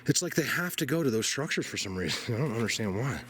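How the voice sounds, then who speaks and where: A man's voice: medium pitch, lively intonation, quick pace, a bit bright, breathy edge, dry recording. A man filming himself hiking through mountain woods, chatting casually to viewers and sometimes out of breath. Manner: chatty, addresses viewers as "you guys". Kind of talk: casual narration while hiking. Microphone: handheld camera mic.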